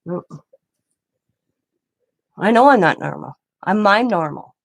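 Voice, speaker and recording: A woman's voice: medium pitch, lively intonation, takes it slowly, gravelly, no echo. A middle-aged woman hosting a craft channel, chatting casually and rambling through stories while she works. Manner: rambling, storytelling with restarts.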